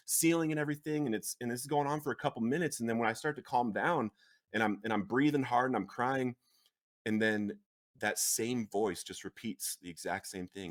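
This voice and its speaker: A man in his thirties, a podcast guest, earnestly telling his personal recovery story with animated, emotional delivery and laughs at the dramatic turns. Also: medium pitch, brisk.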